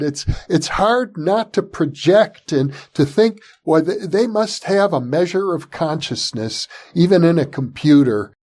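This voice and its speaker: A man hosting an interview, setting up his questions at length in a measured way. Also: on the high side, a little mellow. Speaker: interview host.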